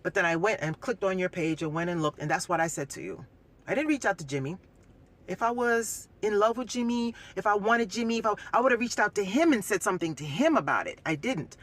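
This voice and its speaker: A woman's voice: mid-range voice, expressive, fairly quick. A woman venting bluntly and heatedly to her audience, cursing, repeating herself and mimicking what others said. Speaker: vlogger. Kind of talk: heated personal vent to camera.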